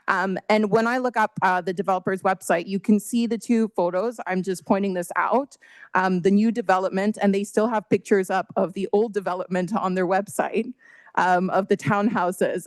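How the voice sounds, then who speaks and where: A woman's voice: mid-range voice, fairly even intonation, moderate pace, no room sound. A woman making an earnest, emotional public comment at a council meeting, with frequent fillers. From Canada. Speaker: resident delegate at council meeting.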